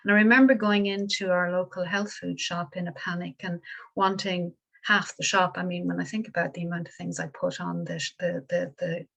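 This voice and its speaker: A middle-aged woman giving a dharma talk as a Buddhist teacher, gentle and reflective, pausing and restarting often. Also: fairly low pitch, little pitch movement, gravelly, rough recording.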